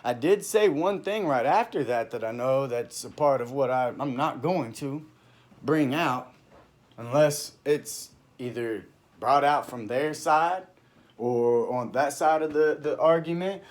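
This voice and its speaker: A man speaks unscripted into his phone, recounting events in a heated, halting way. He restarts sentences often and lets thoughts trail off. His pitch stays in an ordinary middle range. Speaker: vlogger recounting a personal dispute. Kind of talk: unscripted personal monologue.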